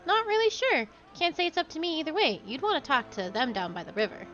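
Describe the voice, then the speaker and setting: A woman's voice: sits high, very animated, fast talker, fairly bright tone, muffled recording, voice pushed up. A woman voicing a cheerful, chatty male Orlan, a small furry creature fond of betting, in a folksy drawl. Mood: cheery.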